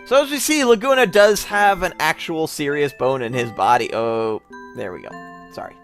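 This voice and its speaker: A man's voice: fairly high pitch, lively intonation, moderate pace, a bit bright, faint music behind. A tipsy man hosting a let's play, rambling with joking asides in casual gameplay commentary on a close mic that pops. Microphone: close mic with popping.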